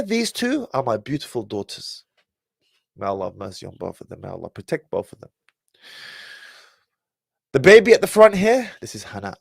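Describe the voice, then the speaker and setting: A man's voice: fairly high pitch, creaky, no echo, studio quality. A man talking casually to his livestream viewers. He sighs often as he talks. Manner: animated, sighing often. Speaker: livestream host.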